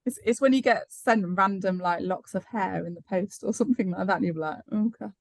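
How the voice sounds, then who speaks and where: A woman's voice: medium pitch, a little fast, dry recording, studio quality. A woman co-hosting a podcast, chatting in a playful, giggly way. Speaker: podcast co-host. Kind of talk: casual podcast chat.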